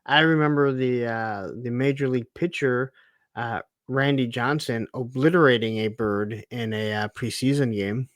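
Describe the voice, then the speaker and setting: Mid-pitched man musing in casual recap. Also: steady tone, no room sound. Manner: reflective, thinks aloud with fillers and quick asides. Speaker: podcast co-host. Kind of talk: casual chat recapping a TV episode.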